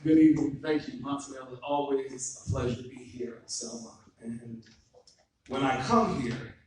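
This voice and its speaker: An earnest man addresses an audience as a guest speaker, reverent and thankful in tone. His voice is mid-pitched. It rings through a large echoing hall and is heard from some distance off the mic. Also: moderate pace, darkish tone, a little hiss or hum. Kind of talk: public address. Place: courthouse event hall. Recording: echoey hall, far from the mic.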